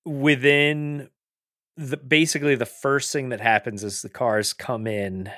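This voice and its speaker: A man's voice: medium pitch, unhurried, no room sound, studio quality. A man co-hosting a casual podcast chat, retelling racing moments and acting out the quotes. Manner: animated storytelling, acts out quotes. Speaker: podcast co-host.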